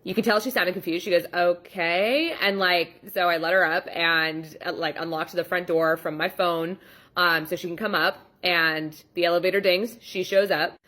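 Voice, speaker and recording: A woman's voice: fairly low pitch, fairly even intonation, normal speed, pushed and bright. A woman photographer telling a story about a client in a casual vlog, chatty and exasperated, with lots of "like" and "um". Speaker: boudoir photographer.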